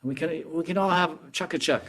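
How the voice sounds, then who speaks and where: A man's voice: fairly high pitch, brisk, a bit bright, pitched above the performer's own voice. Man playing a cowherd boy sweet-talking his buddy, wheedling and chuckly, easygoing. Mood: coaxing. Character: coaxing cowherd boy teasing a friend.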